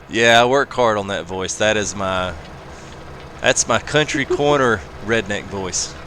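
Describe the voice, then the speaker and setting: A man's voice: fairly low pitch, takes it slowly, long pauses. A man hosting a live game stream, chatting casually and joking while reading out chat comments. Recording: loud game engine noise behind.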